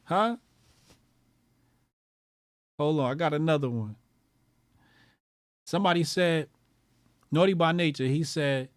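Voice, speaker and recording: A fairly high-voiced man rants on his call-in show with mockery and constant swearing. He hammers his points home by repeating lines. The sound is close and dry, with no room around it. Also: measured pace, long pauses, no room sound. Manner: loud, profane, mocking, repeats lines for emphasis. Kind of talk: profane ranting commentary.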